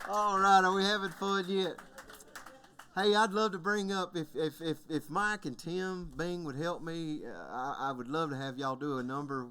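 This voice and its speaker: A man's voice: a little high, fairly even intonation, slow pace, long pauses, pushed and bright, a little hiss or hum. A man from Georgia with a Southern US accent, telling folksy jokes and stories on stage at a folk music workshop and laughing at his own jokes. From Georgia, USA.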